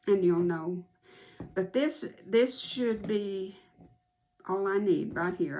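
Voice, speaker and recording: A woman giving an unhurried, homey step-by-step sewing tutorial as a quilting instructor. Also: lowish voice, darkish tone.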